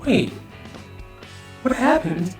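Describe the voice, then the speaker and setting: A man doing a soft-spoken older woman teacher. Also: fairly high pitch, fairly quick, natural voice. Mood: hurt. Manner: gentle, pleading, near tears. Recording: roomy distant voice over faint music.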